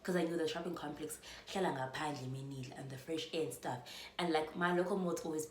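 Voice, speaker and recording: A woman's voice: deep voice, quick pace. A South African woman in her twenties telling a storytime vlog, chatty and full of fillers. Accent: South African, mixing in Zulu. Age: 20s. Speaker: vlogger. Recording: roomy echo, faint room noise.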